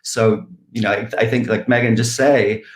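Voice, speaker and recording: Male writer on a panel, fairly low voice, thoughtful and hesitant; echoey room. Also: fairly even intonation, normal speed. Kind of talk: casual panel conversation.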